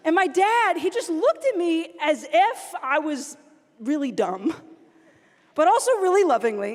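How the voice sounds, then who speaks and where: High-voiced young woman in a reverberant hall. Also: normal speed. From American South. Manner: animated, acts out family members in her story. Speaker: conference speaker. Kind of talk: storytelling keynote talk. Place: large conference hall.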